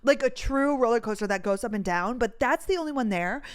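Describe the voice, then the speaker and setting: A young woman hosting a casual chat show, telling a story in an animated way, full of "like" fillers and swearing. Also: on the high side, a little fast. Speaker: podcast host.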